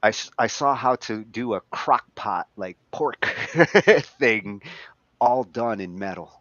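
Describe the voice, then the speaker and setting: A man's voice: fairly low pitch, expressive, slow pace, a bit bright, dry recording. A male podcast host chatting casually, rambling and laughing as he goes. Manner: rambling, laughs often, restarts words. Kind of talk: casual chat. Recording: dull lo-fi dry sound.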